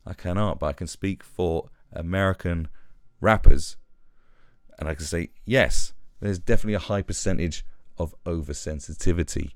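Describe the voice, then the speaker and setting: A man's voice: sits low, moderate pace, no echo, clean studio sound. A British man hosting a live stream, ranting sarcastically and mocking in casual commentary.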